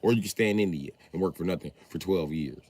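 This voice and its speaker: A man's voice: fast talker, a little mellow, breathy edge. A man doing a profane, mocking stand-up rant on a live stream. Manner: profane, mocking, jumps in pitch. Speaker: comedian streamer.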